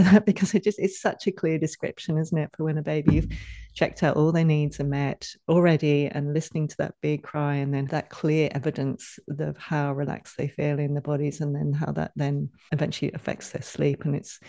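A woman's voice: deep voice, warm tone, no room sound. A woman hosting a podcast, affirming her guest and often adding tag questions. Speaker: podcast host. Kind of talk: casual conversation.

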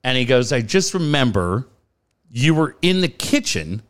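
Animated storytelling man in his late 40s. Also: medium pitch, unhurried. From San Diego area, California. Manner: animated storytelling, swears freely, acts out quoted voices. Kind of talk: casual chat.

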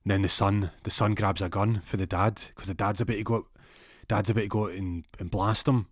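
Young man, low voice, rambling profane storyteller, dry close sound. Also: steady tone, brisk, dry recording. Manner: rambling, profane, with repeated restarts. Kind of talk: casual anecdotal storytelling.

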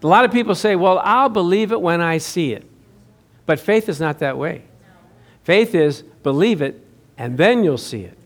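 A man's voice: sits high, lively intonation, moderate pace. A man pastor giving a sermon, telling a chatty personal story and laughing often.

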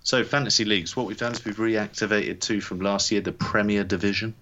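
A man from England co-hosting a sports podcast, chatting in a relaxed, rambling way with lots of fillers. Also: on the low side, brisk, muffled recording. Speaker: podcast co-host. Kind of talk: casual chat.

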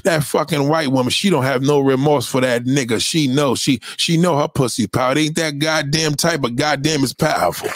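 A man hosting a casual livestream rant, profane and animated, often putting on the voices of the people he quotes. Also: fairly high pitch, a little fast, few pauses, a faint crowd. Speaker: live stream host.

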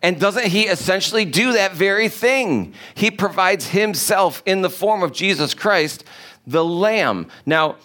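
A man preaching a sermon, animated, with emphatic rhetorical questions. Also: high-pitched, measured pace. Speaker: pastor.

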